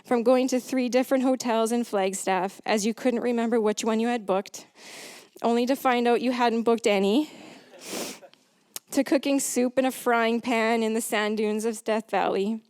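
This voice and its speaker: A woman with an English accent reading family tributes aloud at a memorial, measured and pausing to clear her throat. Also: a little high, fairly even intonation, a little mellow, no echo.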